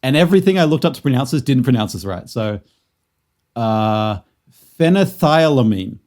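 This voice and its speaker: A man's voice: medium pitch, big pitch swings, moderate pace, a little mellow. A man co-hosting a casual podcast, presenting lore in a rambling, joking way that stumbles over words.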